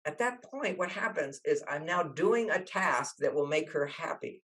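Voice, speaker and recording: An older man talks with lively animation, slipping into the voices of the people in his stories. His voice sits a little high for a man. He speaks as an author guest in an interview. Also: normal speed, rough recording. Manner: animated, acts out quoted voices. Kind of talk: storytelling interview talk.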